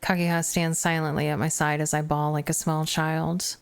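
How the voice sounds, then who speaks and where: A woman streamer reading a visual novel aloud, narrating in first person with expressive, self-mocking asides. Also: low-pitched, moderate pace, creaky, clean tone, faint music behind.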